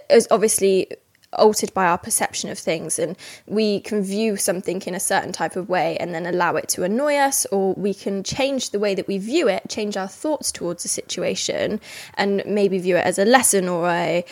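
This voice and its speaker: Woman, young, casual solo podcast host, chatty and animated, lots of restarts. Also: medium pitch.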